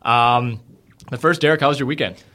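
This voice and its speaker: A man's voice: medium pitch, sharp tone. A young man hosting a podcast in casual chat, chatty and laughing as he tells stories. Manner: fast-talking, chatty, laughs while telling stories. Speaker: podcast host.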